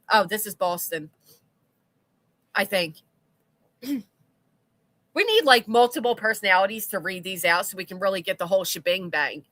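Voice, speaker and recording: A woman's voice: mid-range voice, a bit bright, no echo. A woman hosting a livestream, reading chat comments aloud with blunt, sarcastic commentary and casual swearing. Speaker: commentary channel host.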